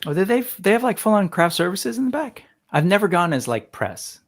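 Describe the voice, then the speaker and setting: Gravelly-voiced man hosting a chatty livestream. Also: sits high, big pitch swings, fairly quick. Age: 40s. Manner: chatty, reads out and greets viewers from the live chat. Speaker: host. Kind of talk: casual livestream chat.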